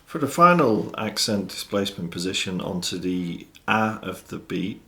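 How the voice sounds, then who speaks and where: A man with a very low, gravelly voice explains drum rudiments. He talks in a measured, methodical way, calling out stickings one by one. He sounds like a teacher walking a student through an exercise. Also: expressive, noisy background. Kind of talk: instructional explanation. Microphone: studio mic with monitor system.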